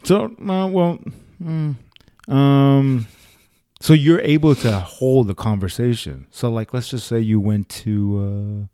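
A man's voice: mid-range voice, takes it slowly, dark tone, smooth, no echo, studio quality. A young man in casual chat, curious and laughing, prodding his friend with questions. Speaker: conversation partner.

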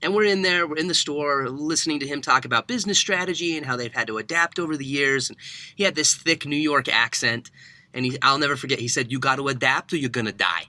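A young man, a podcast guest, telling a story in conversation, animated and laughing often. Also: a little high, quick pace, no echo. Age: young adult.

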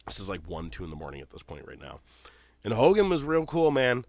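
A man's voice: on the low side, wildly swooping pitch, brisk, a little mellow, dry recording. A man hosting a podcast in casual chat, telling long, rambling stories with plenty of swearing. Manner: profane, rambling storyteller. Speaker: podcast host.

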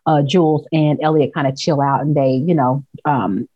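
A woman hosting a casual chat, recapping a TV episode with profane, animated storytelling and acted-out quotes. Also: low voice, normal speed, husky, no echo, muffled recording. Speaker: podcast host recapping a TV episode.

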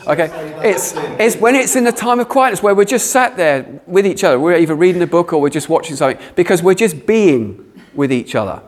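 Man preaching, fairly high voice, lively delivery, playful asides, sermon. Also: a little fast. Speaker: pastor.

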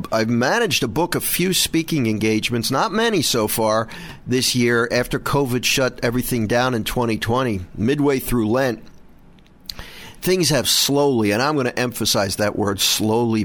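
Middle-aged guy hosting a catholic radio show, earnest, lots of restarts, pitch jumps up when he gets going. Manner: earnest, animated, frequent restarts and repeated words. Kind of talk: prayer and casual show talk.

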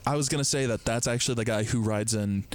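A man's voice: medium pitch, quick pace, clear, resonant tone. A man from Michigan co-hosting a casual podcast remotely, riffing on silly bits. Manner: jokey, riffing. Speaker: podcast co-host. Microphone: remote recording software.

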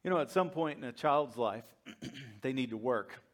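A man's voice: mid-range voice, expressive, moderate pace. A man preaching a sermon as pastor, conversational and joking with his congregation. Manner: humorous, conversational, laughs with the congregation.

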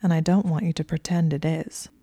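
A woman's voice: low-pitched, steady tone, fairly quick, mellow, husky, no echo. A woman voicing a teasing, possessive young male wizard librarian in a story reading. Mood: earnest. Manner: teasing, smug.

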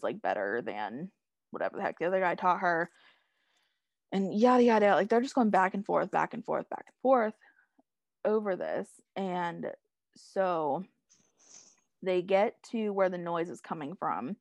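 Brief: young woman co-host, rambly recap voice, lower pitch, dry close sound. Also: expressive, normal speed, no echo. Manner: rambling, heavy use of "like" and "um", laughs often. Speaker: podcast co-host recapping a TV episode. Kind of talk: casual chat.

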